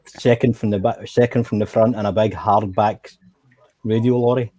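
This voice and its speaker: Man, husky voice, casual sweary storyteller. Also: lowish voice, steady tone, moderate pace, dark tone. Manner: swearing, anecdotal, laughs often. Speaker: gaming chat participant. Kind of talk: casual chat while gaming.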